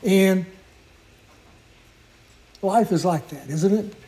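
Man, preacher, sermon storytelling, high-pitched, warm mellow tone, earnest. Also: low-quality recording. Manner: earnest, unhurried storytelling with small restarts.

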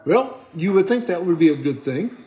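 A man with a high, very animated voice preaches a sermon at normal speed, reading scripture aloud and pressing its points on the congregation in an earnest, emphatic way, speaking to them directly. His tone is mellow, but the audio is poor and the sound is roomy.

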